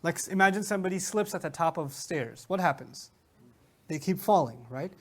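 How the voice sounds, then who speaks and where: A man teaching Quran commentary in an animated lecture, asking rhetorical questions and retelling stories with humor. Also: fairly high pitch, a little fast. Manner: animated, asks rhetorical questions and answers them.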